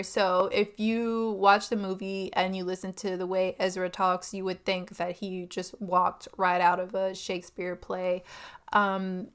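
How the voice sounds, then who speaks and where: A woman's voice: medium pitch, a bit bright, clean tone. A young woman chatting casually about a film, giggling and full of fillers and asides.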